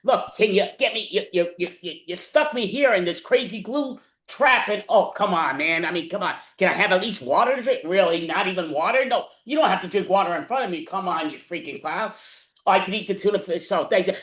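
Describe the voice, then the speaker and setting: A man playing a rambling male hitchhiker in an improv scene, gushing and stammering with "oh" at every turn. His voice sits high for a man and bounces off a roomy, echoey space. It sounds picked up over a video call. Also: lively intonation, brisk, fairly bright tone. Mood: frantic. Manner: exclaims "oh" constantly, rambling and stammering. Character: chatty male hitchhiker, easily delighted then panicky.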